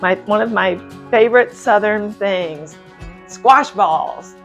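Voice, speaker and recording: A woman's voice: mid-range voice, takes it slowly. A woman hosting a home cooking video, chatty and enthusiastic as she fries and tastes food, with faint music behind her. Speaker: cooking channel host. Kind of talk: casual cooking video chat.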